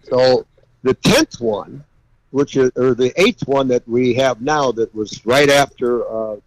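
A man guest, a custom car builder, telling folksy, animated stories and laughing along the way. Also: mid-range voice, takes it slowly, no room sound, low-quality recording. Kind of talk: anecdotal storytelling.

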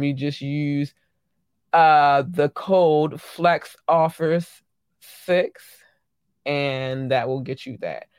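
A woman hosting her own podcast in casual solo chat, giving effusive shout-outs to listeners with frequent ums and sudden animated bursts. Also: deep voice, no room sound. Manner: animated, swings into loud excited bursts. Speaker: podcast host.

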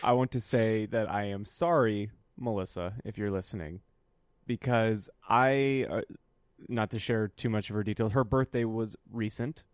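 A man's voice: lowish voice, moderate pace, clean tone, dry recording. A man co-hosting a casual podcast, swearing freely, joking around, and sometimes turning earnest. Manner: profane, joking, earnest apologies. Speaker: podcast co-host. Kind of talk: casual chat.

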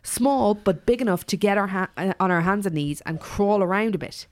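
A woman co-hosting a podcast, reading a listener's story aloud in a chatty way with frequent swearing and quick asides. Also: mid-range voice. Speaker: podcast co-host.

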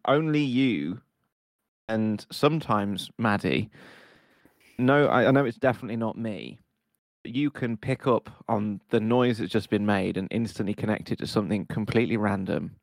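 A man's voice: fairly low pitch, normal speed, creaky, no echo, studio quality. A man who is a regular on an improv podcast, chatting earnestly in long, rambling sentences with restarts. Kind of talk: casual chat.

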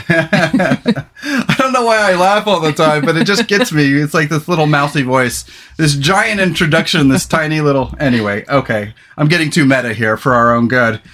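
A man's voice: fairly high pitch, moderate pace, a bit bright. A man hosting a casual podcast from a small rural trailer, talking in an enthusiastic, rambling way. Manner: enthusiastic, rambling, emphatic announcer-like intro. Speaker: podcast host.

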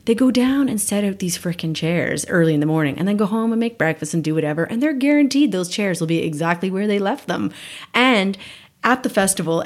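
A woman from Canada in her thirties, a guest in a casual chat who tells animated stories and laughs often. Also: on the low side. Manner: animated storyteller, acts out quotes, laughs often.

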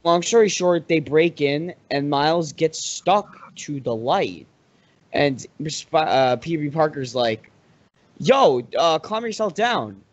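A man's voice: fairly high pitch, slow. Wry, cussing man from New York. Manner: wry, profane asides. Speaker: podcast co-host. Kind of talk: casual movie recap chat. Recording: dull lo-fi recording.

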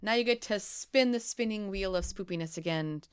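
A woman co-hosting a casual podcast, reading spooky legends aloud in a playful, giggly way with dramatic pauses. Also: medium pitch, clean tone. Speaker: podcast co-host.

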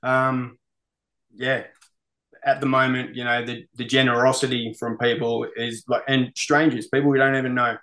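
An Australian metal musician, interviewed casually as a guest, talks at normal speed in a fairly bright mid-range voice with little pitch movement. He's relaxed, swears a lot and keeps saying "mate."

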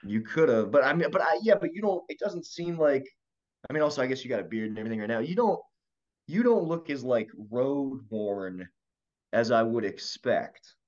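A man's voice: animated, moderate pace, darkish tone, lo-fi sound. A man from Maryland who is a comedian, co-hosting a podcast in a rambling, self-interrupting chat. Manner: rambling, self-interrupting, drops pitch when telling stories. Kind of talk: casual chat.

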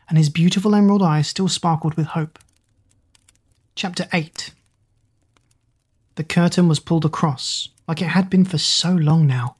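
A woman reading a fantasy story aloud as a narrator, measured and steady. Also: low-pitched, husky. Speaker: audiobook narrator.

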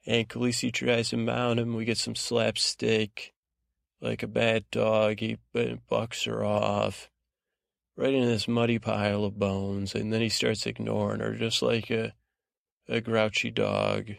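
A man hosting a sleep podcast, recapping a TV episode in a meandering, low-key way full of fillers. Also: completely flat delivery, unhurried, creaky, no echo, studio quality. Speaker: podcast host. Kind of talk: rambling bedtime recap.

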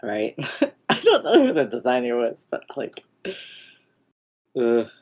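A young woman co-host with an extremely deep voice talks loosely and fast-thinking, piling on "like" and swearing as she rants. Her tone is plain and unhurried, casual podcast chat. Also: wildly swooping pitch, a little mellow. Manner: ranting, heavy use of "like" and swearing.

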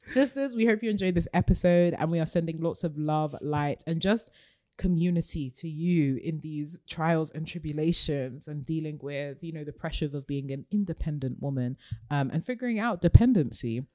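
A woman's voice: low-pitched, normal speed, warm tone, no echo, studio quality. A woman co-hosting a podcast, talking earnestly and encouragingly in casual chat. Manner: earnest, encouraging, laughs often. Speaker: podcast co-host.

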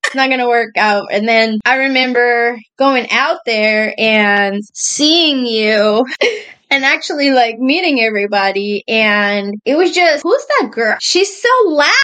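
Woman, podcast co-host, high voice, chatty, laughs a lot, casual storytelling. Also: unhurried, pushed and bright, clean tone. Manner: chatty, laughs often, addresses friend as girl.

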